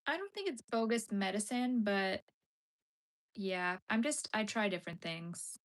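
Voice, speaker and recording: A woman's voice: mid-range voice, animated, a little slow. A young adult woman chatting casually on a live stream while she crochets, answering viewer comments and murmuring to herself as she works.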